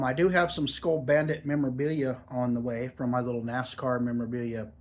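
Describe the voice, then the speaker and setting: A man in his forties talking in a chatty, rambling, easygoing way while reviewing a product for a casual vlog. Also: mid-range voice.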